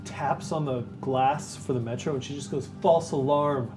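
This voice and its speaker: A man narrating as game master of a tabletop game, in a casual, animated way. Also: medium pitch, moderate pace, music in the background.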